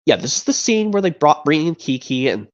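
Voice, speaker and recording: A streamer chatting casually between voice impressions, rambling and excitable, with some mild cursing. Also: mid-range voice, brisk, dull audio.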